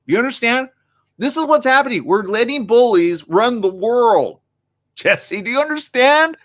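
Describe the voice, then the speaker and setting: Male morning host, animated and excitable, riffs hard, reads out chat comments. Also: extremely high pitch, moderate pace. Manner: reads viewer comments aloud. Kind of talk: live streamed talk show chat.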